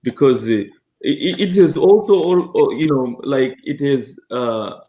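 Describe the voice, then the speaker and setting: A man speaking on a panel in a halting way, with many filler pauses. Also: mid-range voice, expressive, mellow.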